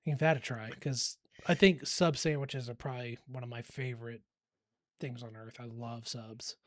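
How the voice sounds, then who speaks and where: A man's voice: mid-range voice, fairly even intonation, normal speed, no room sound, studio quality. A man around forty co-hosting a podcast, rambling easily in casual chat and laughing often. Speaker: podcast co-host.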